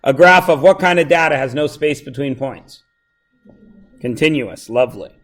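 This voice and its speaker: A male math teacher with a voice that sits a little high, talking a class through a review in a loose, joking way. He wanders off on tangents, then pulls back to the answers, checking often that everyone follows. It is a plain classroom lesson. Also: moderate pace. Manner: joking, digressive, keeps checking students follow.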